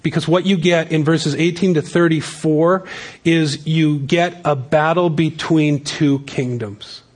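A man's voice: on the high side, steady tone, measured pace. A man preaching a sermon as pastor, reading scripture and adding casual, joking asides.

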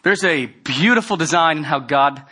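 A man preaching a sermon, talking casually and earnestly, then building to loud, emphatic stretches. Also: a little high, animated, normal speed, slightly rough. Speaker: pastor.

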